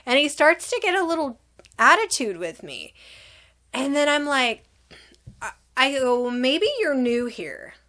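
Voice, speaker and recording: A middle-aged woman with a somewhat high voice tells a personal story in a casual storytime vlog. She is animated, and she acts out both sides of an argument in quick reported dialogue. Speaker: vlogger telling a personal story.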